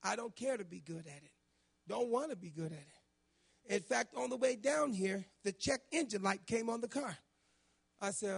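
A middle-aged pastor with a very high voice and a husky, breathy edge. He tells personal stories from the pulpit, animated and swinging between low, soft moments and shouted punchlines. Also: moderate pace. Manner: animated storytelling, rising to shouts when quoting.

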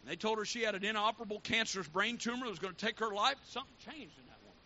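Fervent high-voiced male preacher. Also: lively intonation, racing. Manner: fervent, swinging from hushed to shouting. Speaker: pastor. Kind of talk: sermon. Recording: dull lo-fi with faint hiss.

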